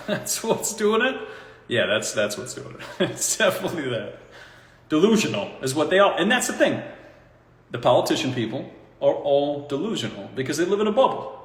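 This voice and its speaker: A man talking in a casual, rambling monologue, animated and mocking, often breaking into laughter at his own points. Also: a little high. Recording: echoey room with long reverb.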